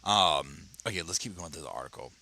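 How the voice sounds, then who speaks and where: Animated, chatty man. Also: sits low, brisk. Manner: animated, chatty, stammering restarts. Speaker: commentary channel host. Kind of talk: casual reaction commentary reading an article. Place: home, at his computer.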